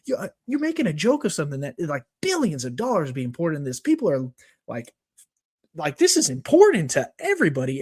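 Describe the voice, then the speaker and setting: A man's voice: on the high side, huge pitch swings, brisk, darkish tone, slightly rough. A man co-hosting a sports podcast, ranting in a casual, worked-up way with lots of fillers and restarts. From Texas. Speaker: podcast co-host.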